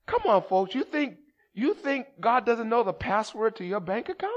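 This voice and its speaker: A male pastor delivers a sermon in a church service with a high voice. His pitch swings widely as he jokes, trades call-and-response lines with the congregation, and shouts for emphasis. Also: normal speed, highs cut off. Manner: animated, humorous preaching with call-and-response. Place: church sanctuary during a service.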